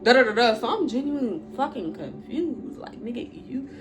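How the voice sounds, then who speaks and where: A woman's voice: on the high side, lively intonation, moderate pace, noisy background. A woman telling a personal story in a storytime vlog, blunt and profane, emotional, breaking into laughs now and then.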